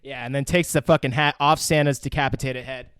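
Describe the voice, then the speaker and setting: A young man co-hosting a podcast, recapping a movie in casual chat, crude and quick to laugh. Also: medium pitch, fairly even intonation, a bit bright, clear, resonant tone, no echo. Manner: crude, laughing, swears freely. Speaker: podcast co-host.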